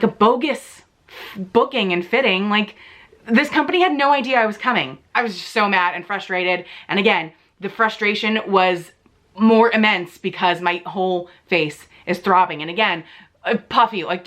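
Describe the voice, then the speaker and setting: A woman's voice: medium pitch, pushed and bright. A woman telling a storytime vlog, exasperated and in pain, retelling a bad week with lots of "like" and some swearing. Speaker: vlogger. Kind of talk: casual storytime rant.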